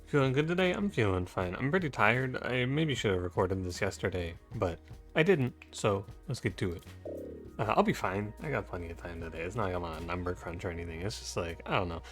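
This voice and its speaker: A man's voice: deep voice, expressive, fairly quick. A man giving casual gameplay commentary, sleepy from just waking up, rambling and thinking aloud as he plays. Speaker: gaming YouTuber. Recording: faint background music.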